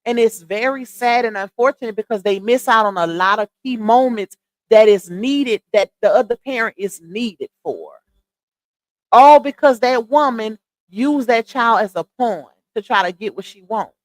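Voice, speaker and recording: A woman's voice: a little high, moderate pace, no room sound. A young woman hosting a casual livestream, speaking in in an outspoken, emphatic way and addressing her viewers directly. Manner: opinionated, emphatic, talks straight to viewers. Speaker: live stream host.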